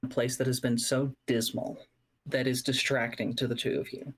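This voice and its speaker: A game master narrating a tabletop game, setting scenes with slow, descriptive phrasing and pauses. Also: medium pitch, flat delivery.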